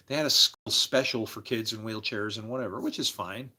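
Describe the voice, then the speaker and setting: A man livestreaming, telling rambling personal stories in a loose, animated way, laughing and swearing freely as he jumps between tangents. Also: on the low side, brisk, few pauses. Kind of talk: casual rambling storytelling.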